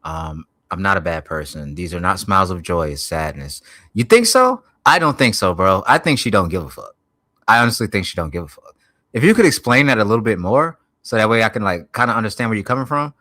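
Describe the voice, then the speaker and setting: A man's voice: lowish voice, animated, fairly quick, bright, forceful tone, no echo, clean studio sound. A man streaming, reacting to a video with profane, incredulous commentary and repeated "bro". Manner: incredulous, swears heavily, says "bro".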